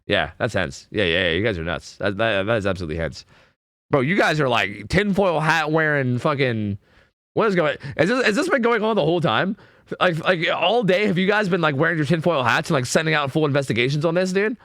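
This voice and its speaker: A man's voice: a little high, lively intonation, brisk, fairly bright tone, no echo, studio quality. A man streaming casually, rambling and swearing, and filling his talk with "like". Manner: rambling, heavy use of filler "like", swearing.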